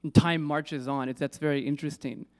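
A man's voice: a little high, fairly even intonation, fairly quick, darkish tone. A man giving an informal lecture on poetry, musing aloud with restarts and questions to his audience in a lecture room. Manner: casual, musing, many restarts and asides to the audience.

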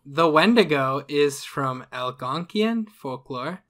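A man with a slightly higher voice hosts a casual comedy podcast. He reads through his notes on a folk monster, often breaking into laughter at his own jokes. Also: animated, slow pace, fairly bright tone. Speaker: podcast host presenting the topic. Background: other hosts talking.

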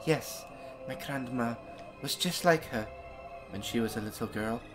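A man voicing a gentle young woman healer in a game with a put-on French accent, speaking softly. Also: mid-range voice, measured pace, faint music behind, pitched below the performer's own voice, lightly acted. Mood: wistful.

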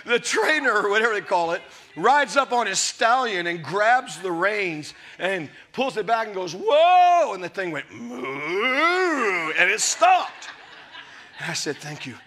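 A man in his fifties preaching a sermon to a live congregation, emphatic and often shouting, with jokey storytelling. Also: high voice, lively intonation, moderate pace. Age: 50s. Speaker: pastor. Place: church service before a live congregation.

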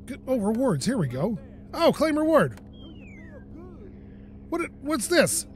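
A man with a very high-pitched voice takes his time narrating a let's play on his gaming channel. Full of energy, he talks to himself and curses when frustrated. A little hiss or hum can be heard.

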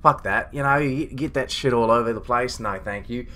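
A foul-mouthed male starship captain rants in a web comedy log, acted by a man in his everyday voice. He rambles, swears freely and stays indignant about everything around him. His voice sits at a middle pitch. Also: moderate pace, bright, forceful tone, natural voice. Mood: grumbling. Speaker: comedy web series creator.

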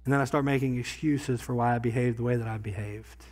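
In a church sanctuary, a pastor delivers a sermon in a conversational way, moving between quiet asides and loud bursts. His male voice is mid-range and steady in tone, and he speaks fast.

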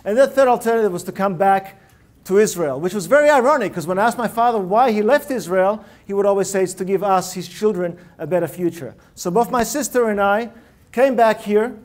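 Speaking fairly quickly, a male public speaker with a strikingly high voice presents a TED-style talk from a lecture hall stage. He stays animated and punchy, throwing rhetorical questions at the audience in the room.

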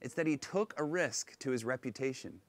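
A male pastor preaching a sermon on location, retelling a story in an animated, conversational way. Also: mid-range voice, normal speed. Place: on location at an ancient synagogue.

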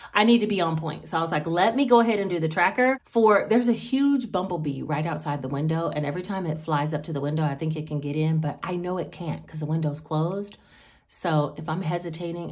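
A woman, chatting casually to viewers while budgeting and counting cash aloud. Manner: chatty, talks straight to viewers; counts bills aloud in a low murmur. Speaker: budgeting vlogger.

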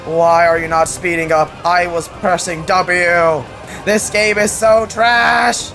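A young man giving casual, jokey gameplay commentary, yelping excitedly when something surprises him. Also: sits high, unhurried, vocal fry, faint music behind. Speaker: gaming channel host.

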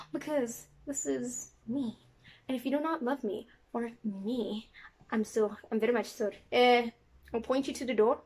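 A young woman from South Africa talking casually to camera in a sassy, animated way. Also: moderate pace. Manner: sassy and animated, talks with big pitch jumps. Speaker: vlogger. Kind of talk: casual vlog talk to camera.

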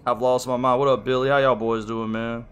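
A man's voice: medium pitch, level tone, brisk, smooth. A man chatting casually on a live stream, rambling, flustered and apologetic.

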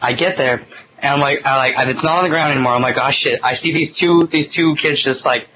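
A man's voice: a little high, fast, noisy background. A young man hosting a casual talk show, telling a long story in a rambling way, full of "like" and some swearing, recorded on a phone. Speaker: podcast host.

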